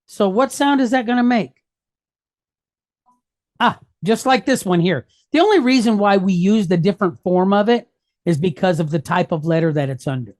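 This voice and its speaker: With a medium-pitched, darkish voice, a woman moves a little fast through a Hebrew reading worksheet. She patiently explains each mark, regularly checking in with "okay?" or "right?"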